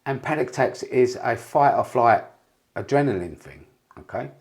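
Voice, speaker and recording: A man's voice: mid-range voice, lively intonation, normal speed. A man, a podcast guest, telling rambling, candid stories with frequent swearing and restarts. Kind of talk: candid storytelling interview.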